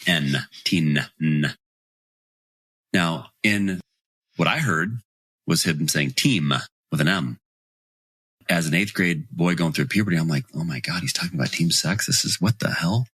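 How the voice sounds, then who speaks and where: A man in his forties telling lively stories as a podcast guest, acting out the people he quotes. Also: rumbling low, husky, no echo, clean studio sound. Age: 40s. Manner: animated storyteller, acts out quoted voices. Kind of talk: storytelling in podcast interview.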